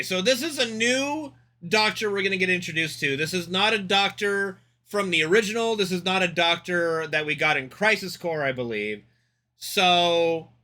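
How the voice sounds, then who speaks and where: A young man streaming live, rambling excitedly and cursing as he reacts to a game trailer. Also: high voice. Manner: excitable, rambling, swears freely. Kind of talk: casual live-stream commentary.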